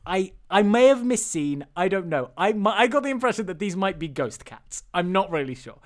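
A man's voice: high voice, sing-song, brisk. A young man co-hosting a casual film chat, rambling with lots of restarts and frequent laughter. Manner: rambling, laughs often, many restarts and fillers. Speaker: podcast co-host.

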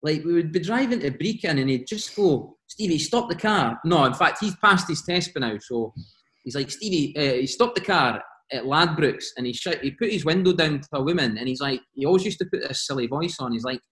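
A man with a Scottish accent telling animated stories as a podcast guest, laughing often and quoting teammates. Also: fairly high pitch, brisk, echoey room. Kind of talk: casual storytelling.

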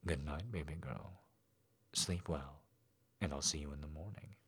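A man voicing a domineering older man who murmurs and growls in a hushed, low voice. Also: animated, moderate pace, creaky, slightly rough, heavily acted. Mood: soft murmur.

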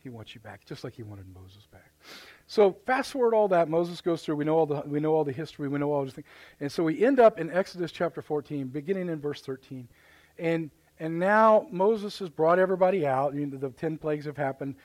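A man's voice: fairly high pitch, expressive, brisk, darkish tone. A man with a Midwestern American accent, preaching a live sermon as pastor in folksy storytelling, acting out voices and exclamations. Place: church sanctuary, live service.

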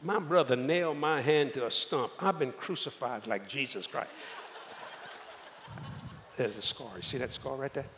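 An older man preaching a storytelling sermon, folksy and animated, acting out the voices of the people in his tales. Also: mid-range voice, moderate pace, pauses often, slight background noise. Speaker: evangelist. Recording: echoey hall with faint ambience.

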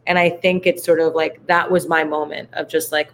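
A woman guest talks in a relaxed, searching way, her voice carrying a gravelly fry. She leans on "like" as she works through her thoughts. A faint hum sits behind her. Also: low-pitched, moderate pace, hardly any pauses. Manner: reflective, heartfelt, heavy use of "like". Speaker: podcast guest. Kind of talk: casual conversation.

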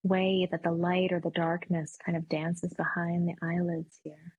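A woman with a low, breathy voice leads a guided meditation and eases each cue along softly and slowly. The sound is close and dry, with no room around it. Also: monotone, no room sound, muffled recording. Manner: soft, slow and soothing. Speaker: yoga and mindfulness instructor.

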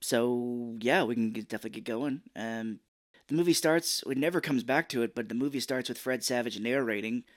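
A man's voice: mid-range voice, no echo, studio quality. Chatty man co-hosting a movie podcast. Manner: chatty, joking, does quick silly voices. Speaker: podcast co-host. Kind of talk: casual movie-review chat.

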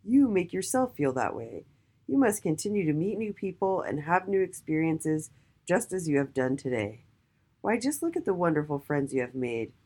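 A woman voicing a proud, kindly male king in a children's storybook, speaking loudly and grandly. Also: low-pitched, very animated, moderate pace, slightly rough, full character voice. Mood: regal, jolly. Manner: loud, proud and warm. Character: regal booming male king, kind and jolly.

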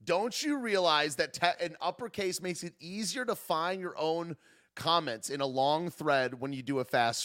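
A man hosts a livestream, chatting casually, reading chat aloud, and joking sarcastically while laughing often. His voice is fairly high-pitched and a bit bright.

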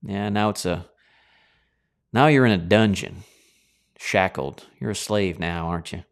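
A man's voice: deep voice, measured pace. A man preaching a sermon in a dramatic, colloquial way, full of rhetorical questions.

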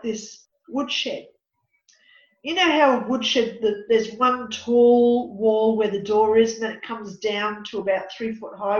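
Woman medium and counsellor, higher pitch, animated, recorded in a roomy space. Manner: animated, dramatic storytelling. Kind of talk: storytelling in an interview. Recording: echoey, dull lo-fi room.

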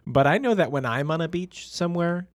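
A man's voice: a little high, expressive, brisk, dry recording. Chatty young man co-hosting a podcast. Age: young adult. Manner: agreeable, chatty, many fillers. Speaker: podcast co-host. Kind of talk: casual discussion.

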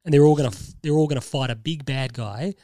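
A man hosting a podcast, chatting casually and pitching ideas enthusiastically in long rambling runs. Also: fast, dark tone, no room sound, clean studio sound. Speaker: podcast host. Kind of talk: casual chat.

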